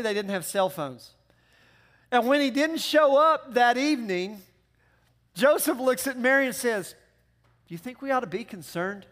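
High-voiced guy preaching, chatty and jokey, really animated. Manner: animated, conversational preaching with joking asides. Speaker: pastor. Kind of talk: sermon.

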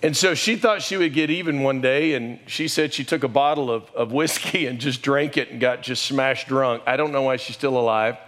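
A middle-aged man delivering a sermon in an emotional storytelling manner. His voice sits at an ordinary pitch for a man. He lifts his pitch and volume when he quotes others. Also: moderate pace, few pauses, fairly bright tone. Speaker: pastor.

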